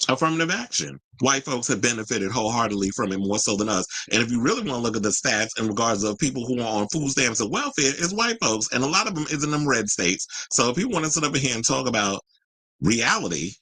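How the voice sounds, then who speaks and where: A man hosting a casual commentary show and reading viewer comments in an animated, sassy, outspoken way. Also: mid-range voice, fairly quick, no echo, rough recording. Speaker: host.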